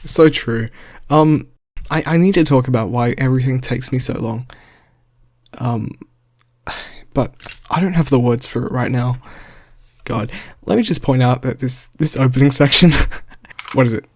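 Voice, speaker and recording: In his bedroom, sitting on the floor, a young man with a mid-range, slightly mellow voice reacts to an old video of himself in a casual, unscripted chat. He speaks at normal speed with no echo, sounding nervous and self-mocking and laughing often.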